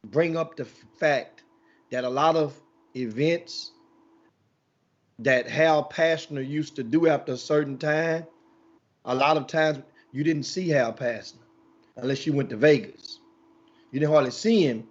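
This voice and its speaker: A man's voice: on the high side, dull audio. A man hosting a casual sports talk show, telling a long rambling story with many restarts.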